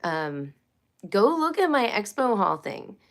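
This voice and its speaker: A woman's voice: medium pitch, very animated, slow. A woman hosting a casual homeschool live stream, chatty and rambling, with many fillers and restarts. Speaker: homeschool livestream host.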